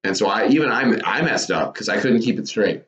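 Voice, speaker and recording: A wrestling commentary YouTuber with a lowish, expressive, slightly bright voice talks fairly quickly, casually sharing his thoughts for his channel. He rambles and corrects himself a lot, and the recording sounds roomy, dull, and lo-fi.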